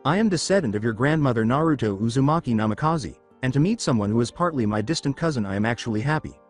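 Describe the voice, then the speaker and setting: A man's voice: medium pitch, lively intonation, fast, soft background music, lightly acted. Naruto, a man reading as a brash boy ninja. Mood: explaining. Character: brash young boy ninja, eager and stubborn.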